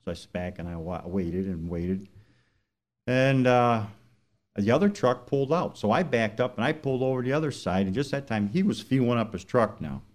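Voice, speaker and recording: A truck driver with a medium-pitched, animated voice tells a story during a church service at a moderate pace, speaking plainly and conversationally before turning it into preaching questions in a sermon-style testimony.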